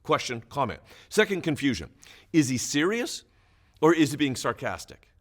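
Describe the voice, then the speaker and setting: Animated male pastor teaching scripture. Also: medium pitch, normal speed. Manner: animated, emphatic explaining with chuckles. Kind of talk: Bible teaching for small groups.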